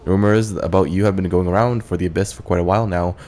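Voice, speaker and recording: A man voicing an ancient, flattering lich tyrant, read aloud plainly. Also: sits low, fast, natural voice. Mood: courteous.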